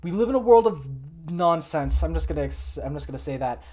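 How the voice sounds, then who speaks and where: A man's voice: fairly high pitch, animated, brisk, dark tone. Male stream host, political commentary; sarcastic, exasperated, loose and unscripted with frequent restarts. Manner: thinks aloud with frequent restarts.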